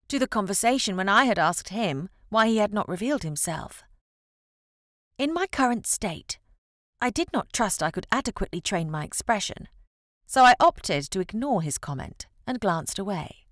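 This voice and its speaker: A woman reading a romance audiobook in the first person, with a lively, rising and falling delivery. The sound is close and dry, with no room around it. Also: mid-range voice, no echo. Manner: expressive, measured storytelling. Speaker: audiobook narrator. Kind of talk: scripted first-person novel narration.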